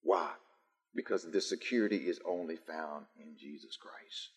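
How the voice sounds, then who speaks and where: A man's voice: rumbling low, a little slow. A man preaching a sermon to a live congregation, building through emphatic repetition. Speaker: pastor. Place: church sanctuary, live-streamed. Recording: long church reverb.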